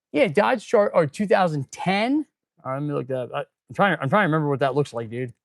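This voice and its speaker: A man's voice: fairly high pitch, vocal fry, no echo, clean studio sound. A man who is a mechanic, chatting casually on a live stream while he works in an auto repair shop, laid-back and calling viewers "dude.". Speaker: auto mechanic and channel host.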